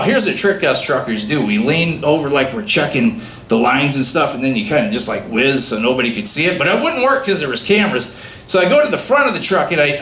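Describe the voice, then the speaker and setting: A man doing a stand-up comedy set, telling a story with lively acted-out dialogue. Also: fairly high pitch. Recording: echoey room with faint ambient noise.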